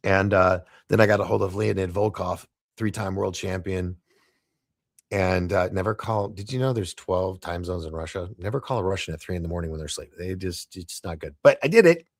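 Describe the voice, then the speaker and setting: Gravelly low-voiced man telling a story. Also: fairly quick, dry recording, studio quality. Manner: animated, laughing, stumbling restarts. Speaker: podcast guest. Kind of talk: casual storytelling.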